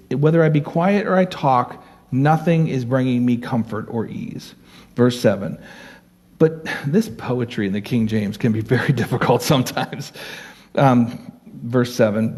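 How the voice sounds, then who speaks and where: A man's voice: mid-range voice, measured pace, darkish tone. A man preaching as a pastor, teaching verse by verse, reading scripture aloud and explaining it in an earnest, conversational way.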